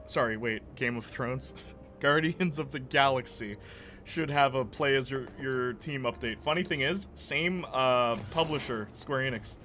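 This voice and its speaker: A young man chats loosely while he plays, drifting from topic to topic and answering viewers as they write in. He laughs often and keeps a loose, rambling flow. Clear game music plays under his voice. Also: mid-range voice, a little slow, sharp tone. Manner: rambling, chatty, reacting to chat, laughs often. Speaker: gaming streamer. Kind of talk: casual chat while playing.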